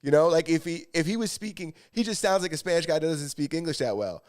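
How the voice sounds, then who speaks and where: A man's voice: a little high, expressive, quick pace, a little mellow. A man co-hosting a podcast, telling a long rambling story in casual chat and swearing freely. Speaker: podcast co-host.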